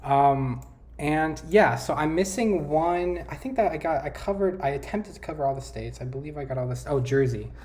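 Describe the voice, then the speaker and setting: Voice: medium pitch, fairly quick, hardly any pauses, a little mellow. A vlogger thinking aloud while playing a map quiz, trailing off and correcting themself, recorded on a desk mic. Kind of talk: casual talk over a map quiz game.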